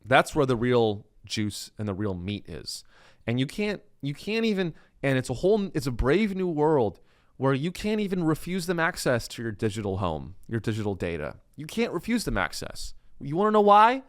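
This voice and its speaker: A man hosting a comedy podcast, delivering a sarcastic, animated monologue full of self-interruptions. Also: mid-range voice, normal speed, no room sound, clean studio sound.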